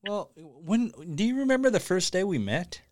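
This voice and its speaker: A man hosting a casual podcast chat, upbeat and rambling, giving enthusiastic shout-outs. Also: sits high, big pitch swings, moderate pace, no echo, studio quality. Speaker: podcast host.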